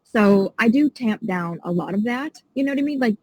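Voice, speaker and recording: A woman's voice: fairly high pitch, expressive, moderate pace, darkish tone, husky, no echo, rough recording. A woman guest on a podcast, talking in a passionate, indignant and emphatic way in a casual interview.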